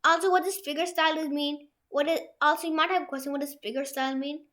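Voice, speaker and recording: Young woman with a high voice walking through a software tutorial at home, kinda rambly, lots of um and restarts. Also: fairly even intonation, fast. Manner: rambling, many restarts and fillers. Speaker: tutorial host. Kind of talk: screen-share software tutorial. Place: room at home with a printer.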